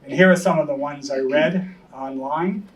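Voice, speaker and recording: A man introducing a guest speaker to a group in a chatty way, adding a quick plug for membership. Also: on the high side, crowd noise. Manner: chatty, reads out quotes. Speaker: event organizer introducing the speaker. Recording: distant mic in a room with faint noise.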